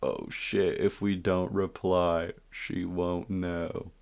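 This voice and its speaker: A cocky teen boy mutters his plans low and offhand, in a deep voice close to the storyteller's own, as a man tells the story. He sounds casual and scheming. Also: level tone, slow, gravelly, darkish tone, exaggerated voice.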